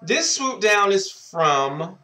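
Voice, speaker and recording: A man's voice: high voice, big pitch swings, bright, forceful tone. A man giving dating advice in a casual vlog. He is sassy and outspoken, swears freely, and keeps drawing out a greeting catchphrase. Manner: repeats a drawn-out greeting catchphrase. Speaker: advice vlogger.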